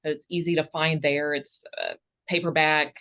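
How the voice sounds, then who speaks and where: Southern woman with a low, earnest voice. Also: flat delivery, a bit bright, lo-fi sound. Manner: earnest, halting, restarts phrases. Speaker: podcast guest, author. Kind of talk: casual interview answers.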